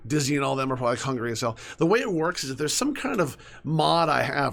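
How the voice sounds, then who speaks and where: A young man giving casual commentary while he plays a game, chatting to his characters and often dropping to soft mutters. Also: mid-range voice, sing-song, quick pace, creaky. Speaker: gaming streamer.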